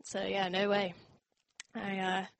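A young woman from North Carolina whose accent blends American, Australian and British sounds, chatting casually with soft laughs and frequent ums. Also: medium pitch, monotone, slow, creaky. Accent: mixed American, Australian and British. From North Carolina, USA. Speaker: interviewee. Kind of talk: casual conversation.

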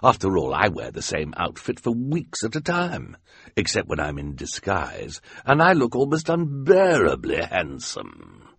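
A man's voice: deep voice, huge pitch swings, a little slow, fairly bright tone, breathy edge, no echo, heavily acted. A man voicing a grumpy, vain, scheming male villain who growls orders in an audiobook. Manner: growling, bossy. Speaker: audiobook character.

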